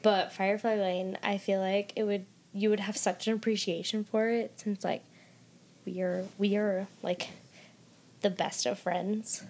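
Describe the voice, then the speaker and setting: A woman's voice: medium pitch, level tone, a little slow, darkish tone. A woman co-hosting a book podcast in casual chat, gushing and dramatic, with lots of "like". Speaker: podcast co-host.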